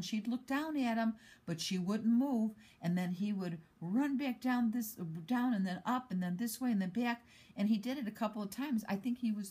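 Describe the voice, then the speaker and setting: A woman's voice: mid-range voice, darkish tone. A middle-aged woman from the American Midwest, chatting casually and rambling through a planner flip-through with many fillers and restarts. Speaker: vlogger.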